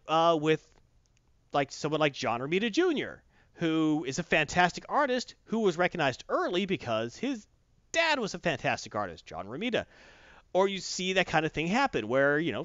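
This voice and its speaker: Male podcast reviewer, high and very animated, blunt and profane; dry, muffled sound. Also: fairly quick, dry recording. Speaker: comic book reviewer. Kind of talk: casual opinionated review chat. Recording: dull dry close-mic sound.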